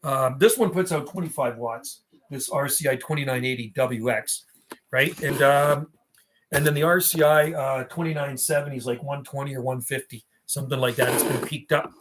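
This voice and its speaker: A man's voice: medium pitch, moderate pace, fairly bright tone, slight background noise. A man, hosting a casual livestream and reminiscing as he answers chat. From Canada. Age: 50s. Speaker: livestream host and radio hobbyist.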